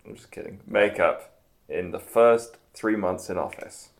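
Gravelly, low male co-host, teasing and crude. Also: measured pace. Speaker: podcast co-host. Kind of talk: casual chat.

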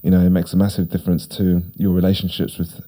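A man's voice: deep voice, flat delivery, fast, dark tone. A middle-aged man, a podcast guest talking casually, rambling and repeating himself with emphasis. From United Kingdom. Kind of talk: casual conversation.

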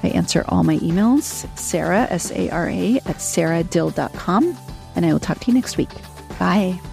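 A woman hosting a solo podcast as a coach, talking in a calm, reflective way and often checking in with "right?". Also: fairly low pitch, moderate pace, vocal fry, soft background music. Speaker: podcast host and coach for physicians.

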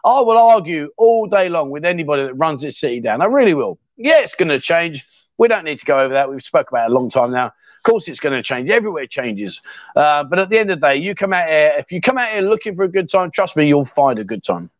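Chatty English man with a bright voice. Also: on the high side, very animated, fast talker, no room sound. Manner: chatty and jokey, full of mate and fair play. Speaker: live stream host. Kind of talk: casual live-stream chat reading comments. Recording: dry, slightly dull sound.

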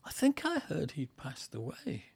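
A man's voice: fairly high pitch, wildly swooping pitch, a little slow, gravelly, husky, no echo. Male host, diary read-aloud, dry wit. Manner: dry, wry delivery. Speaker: podcast host. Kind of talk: reading a tour diary aloud, then casual chat.

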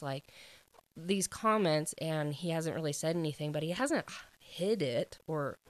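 A woman's voice: low-pitched, unhurried, no echo. A young woman casually recapping a romance novel's plot, chatty and full of "like", acting out the characters' lines. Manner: chatty, heavy use of "like", acts out quotes. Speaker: book reviewer.

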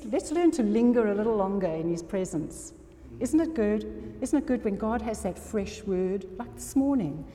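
A woman's voice: a little high, warm tone. A woman preaching an earnest sermon to a congregation, often checking that her listeners are still with her. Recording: long reverb of a hall.

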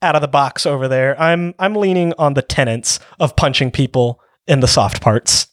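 A man co-hosts a laid-back tabletop gaming podcast, explaining the rules one step at a time and saying "um" a lot. His voice sits in the mid range at a moderate pace. The recording is studio quality with no echo.

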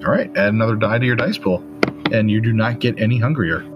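A man narrating as game master, in a relaxed, halting way with many fillers. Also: fairly low pitch, lo-fi sound, music in the background.

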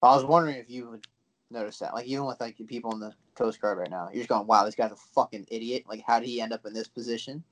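A man's voice: mid-range voice, fairly even intonation, quick pace, rough recording. A man co-hosting a podcast in loose, casual banter, swearing easily. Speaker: podcast co-host. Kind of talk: casual chat.

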